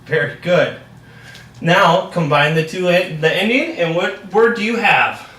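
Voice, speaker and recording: Young man, reading tutor, encouraging, high voice, bright tone, echoey room. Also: measured pace. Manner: upbeat and encouraging, heavy praise. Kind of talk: practice lesson role-play. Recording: echoey room, distant mic.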